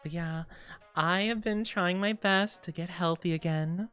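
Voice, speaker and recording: A woman's voice: fairly low pitch, unhurried, a bit bright, clean tone, soft background music. A young woman streamer chatting casually with her viewers, rambling and giggling often.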